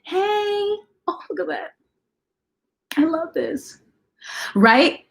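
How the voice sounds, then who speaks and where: A woman hosting a casual livestream, talking fast and chatting with viewers as she greets them. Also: very high-pitched, very animated, creaky. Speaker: livestream host.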